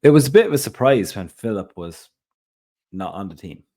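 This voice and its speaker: A man's voice: fairly low pitch, sing-song, moderate pace, mellow. A man co-hosting a podcast, rambling chattily with plenty of asides and fillers. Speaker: podcast co-host. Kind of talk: casual chat.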